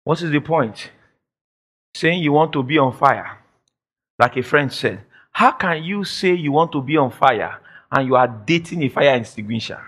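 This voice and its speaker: A male pastor delivers a sermon in a high, animated voice that swoops all over. He presses his points by repeating phrases and breaks into shouted declarations. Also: normal speed, husky. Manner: quotes imagined listeners in mock voices.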